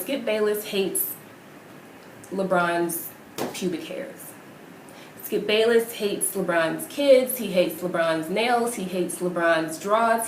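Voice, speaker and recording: Woman ranting, roomy and echoey. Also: medium pitch. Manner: heated, profane, rapid-fire rhetorical questions. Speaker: vlogger ranting about basketball. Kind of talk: profane angry rant to camera. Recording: roomy echo with faint noise.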